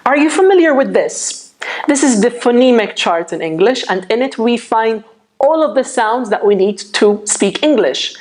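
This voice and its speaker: A woman teaching English pronunciation in a patient, clear classroom manner, checking in with her viewers often. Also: fairly high pitch, a little mellow. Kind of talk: slow, clear classroom explanation.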